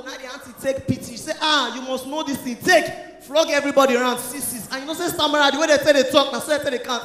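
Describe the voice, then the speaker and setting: High-voiced Nigerian comedian in an echoey hall. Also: male voice, fast talker, few pauses. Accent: Nigerian Pidgin. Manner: loud, animated, mixing Pidgin and English. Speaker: stand-up comedian. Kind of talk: stand-up comedy set. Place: church hall stage. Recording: echoey hall with long reverb.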